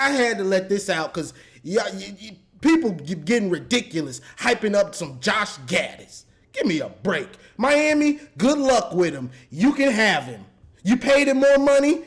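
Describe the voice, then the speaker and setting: A high-pitched man rants about his team, exasperated and animated. He circles back on the same points again and again. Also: a little slow. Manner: exasperated, repetitive, animated with laughs. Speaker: sports commentator. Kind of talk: ranting fan commentary.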